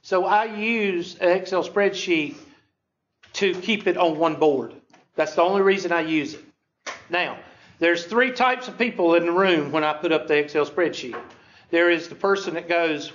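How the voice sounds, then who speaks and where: A man's voice: sits high, moderate pace, a bit bright. A man teaching a statistics class, chatty and self-deprecating, often checking in with "okay?". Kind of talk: classroom lecture. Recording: dull lo-fi lecture recording.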